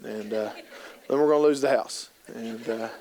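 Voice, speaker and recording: In a conference hall, a man in his thirties delivers a funny keynote about youth work, his medium-pitched voice darkish in tone and moving at a moderate pace. Casual fillers pepper his storytelling as he performs the voices of the people he quotes.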